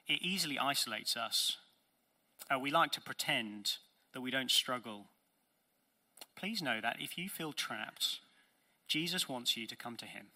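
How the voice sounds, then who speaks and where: Bright-voiced man preaching earnestly. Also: medium pitch. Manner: earnest, emphatic preaching with rhetorical questions. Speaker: pastor. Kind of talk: sermon.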